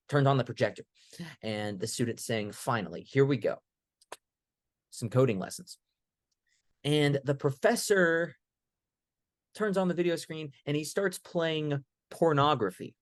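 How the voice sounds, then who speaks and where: A young man co-hosting a comedy pitch show, telling a long joke in a casual, animated way and acting out the characters as he goes. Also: measured pace, dry recording, clean studio sound. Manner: animated, acts out characters in the story.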